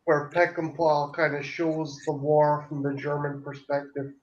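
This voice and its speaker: Irish guy, high bright voice, swears a lot, keeps restarting, muffled lo-fi audio. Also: flat delivery, unhurried, slight background noise. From Ireland. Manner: profane, stumbling restarts. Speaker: podcast co-host. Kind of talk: casual chat.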